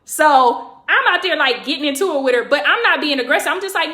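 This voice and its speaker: A woman from California telling a story casually and profanely on a livestream, acting out quotes with big jumps in pitch. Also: animated, brisk, few pauses, bright, forceful tone, echoey room.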